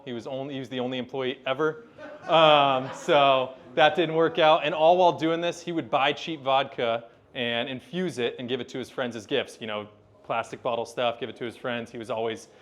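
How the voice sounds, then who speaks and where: A man presenting to a room of bartenders, talking in a loose, rambling storytelling manner. He leans on fillers and restarts as he tells a story, in an easygoing seminar style. His voice sits at an ordinary pitch for a man. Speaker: brand representative. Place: bar or event space.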